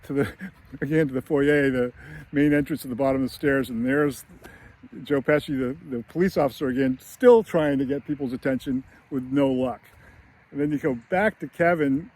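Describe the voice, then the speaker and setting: A man's voice: mid-range voice, normal speed, darkish tone. A man giving a casual, rambling film analysis with many fillers and chuckles. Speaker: screenwriting commentator.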